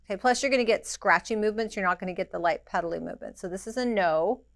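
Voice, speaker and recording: Talking fast at medium pitch, a woman gives a hands-on permanent makeup demonstration, direct and practical, voicing little sounds to copy the machine's rhythm. The studio-quality recording has no room sound.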